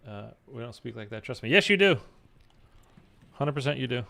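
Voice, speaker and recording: A man's voice: mid-range voice, steady tone, fast, creaky. A man streaming a video game, chatting casually in a rambling way full of fillers. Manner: rambling, filler-heavy talk. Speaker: live streamer. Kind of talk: casual chat while gaming.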